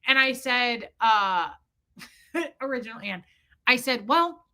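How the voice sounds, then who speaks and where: A woman chatting on a live stream in a slightly high, very bright voice. She tells stories with animated energy, reads out viewer comments and swears casually. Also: takes it slowly.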